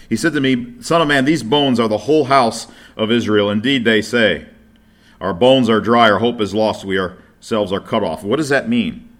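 A man's voice: medium pitch, fairly bright tone. Emphatic man preaching from scripture. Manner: earnest, emphatic scripture reading with rhetorical questions. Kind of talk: sermon with scripture reading.

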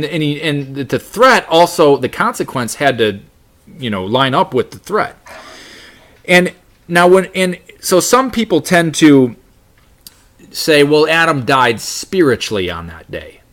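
A man's voice: fairly high pitch, big pitch swings, a little slow, fairly bright tone. A man teaching a Bible study lesson, reading scripture aloud and talking it through with many restarts. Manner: reads scripture aloud, frequent restarts and fillers.

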